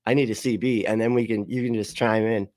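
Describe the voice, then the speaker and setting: A man's voice: on the low side, fairly even intonation, fairly quick, darkish tone, no room sound, studio quality. Sarcastic, profane man hosting a livestream. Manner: profane, sarcastic, laughs often. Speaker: livestream host. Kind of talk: casual reaction commentary.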